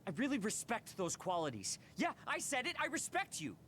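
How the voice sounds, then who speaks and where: A man's voice: extremely high pitch, wildly swooping pitch, brisk, sharp tone, slight background noise, heavily acted. An actor voicing a blunt, hot-headed young man who confronts his leader in a video game. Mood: confrontational. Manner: brash, confrontational.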